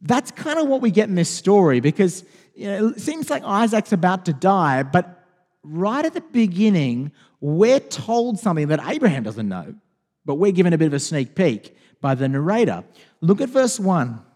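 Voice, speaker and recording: A male pastor preaches in a loose, conversational way, often stopping to restart a phrase. His voice sits a little high, swings widely in pitch and has a mellow, warm tone. It rings with the long reverb of a church hall. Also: normal speed. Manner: conversational and expressive, with frequent restarts. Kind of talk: sermon.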